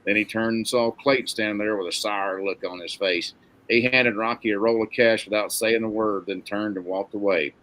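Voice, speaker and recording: A man reading a novel aloud in a steady, plain storytelling manner. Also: on the low side, normal speed, rough recording. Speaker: narrator.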